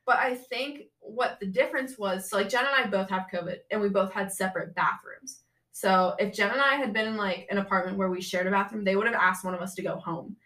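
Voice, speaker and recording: A woman's voice: mid-range voice, a little fast, far from the mic. A young woman guesting on a podcast, telling a story in casual chat and saying "like" constantly. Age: young adult. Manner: chatty, heavy use of "like", animated retelling.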